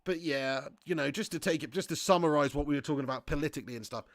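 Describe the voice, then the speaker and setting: A man streaming a football game live, commentating excitably and chatting with viewers. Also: on the high side, fast, no room sound. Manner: excitable, swearing, chatty banter. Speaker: gaming livestreamer.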